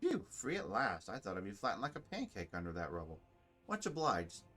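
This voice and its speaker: A man's voice: fairly low pitch, wildly swooping pitch, a little fast, bright, forceful tone, faint music behind, full character voice. A man voicing a chatty, boastful male adventurer bound to a spirit weapon in a video game, raised above his own voice with a loose, wandering put-on accent. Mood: cheerful boasting. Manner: trying out shifting British, Scottish and Australian accents.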